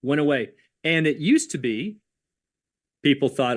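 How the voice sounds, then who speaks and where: A man's voice: a little high, expressive, a little slow, pauses often. A man co-hosting a livestreamed options lesson, explaining tax rules in a conversational way with worked examples. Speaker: options educator co-host.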